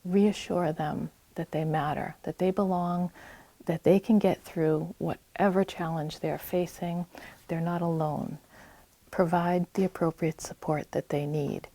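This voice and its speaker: A woman's voice: fairly low pitch, steady tone, unhurried, dark tone, dry recording. A woman with a New England accent giving a public health talk in a library, earnest and reassuring as she gives direct advice. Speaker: community health presenter. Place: public library meeting room.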